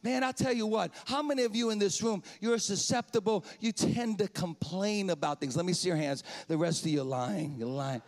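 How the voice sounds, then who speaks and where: A man preaching a sermon in a church, swinging from shouted praise to quiet, candid confession. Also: high-pitched, normal speed, few pauses. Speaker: pastor. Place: church sanctuary.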